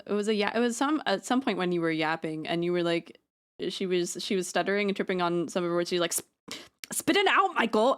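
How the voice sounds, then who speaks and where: A woman's voice: fairly low pitch, clear, resonant tone. A woman streaming live from home on a close mic, chatting while she draws, rambling, joking at her own expense and swearing freely. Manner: rambling, self-deprecating, swears freely, jokey asides. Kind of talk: casual live-stream chat while drawing.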